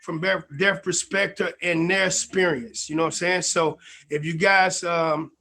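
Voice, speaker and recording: A man's voice: high voice, steady tone, moderate pace, vocal fry, bright, forceful tone. A man hosting a casual live-stream talk show, a little under the weather, folksy and easygoing. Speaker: show host.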